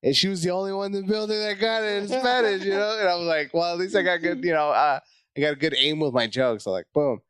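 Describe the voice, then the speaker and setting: Profane, animated comedian. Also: male voice, quick pace, clear, resonant tone, dry recording, studio quality. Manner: animated, profane, acts out his own panic in high voices. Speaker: comedian guest. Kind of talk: casual storytelling chat.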